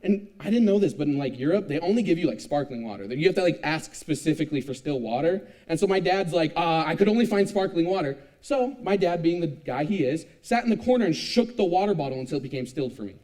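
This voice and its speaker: A young man in his twenties giving a youth sermon, telling a lively, self-mocking personal story. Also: fairly high pitch, fast talker, few pauses. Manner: animated, self-mocking storytelling with frequent laughs. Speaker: youth speaker.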